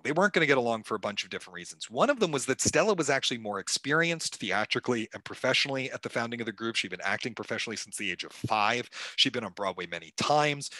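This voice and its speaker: A man being interviewed as an author, telling history in a lively conversational way with many fillers and restarts. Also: mid-range voice, no echo. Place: stage talk at a club event.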